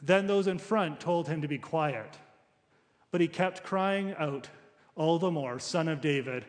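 A man's voice: a little high, a little slow, long reverb tail. A man preaching a sermon as a pastor, talking through the passage in a conversational way with frequent restarts.

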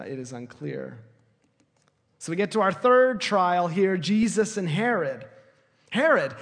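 A man preaching a sermon, explaining the story in a lively, animated way and correcting himself as he goes. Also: sits high. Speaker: pastor. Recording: long reverb of a hall.

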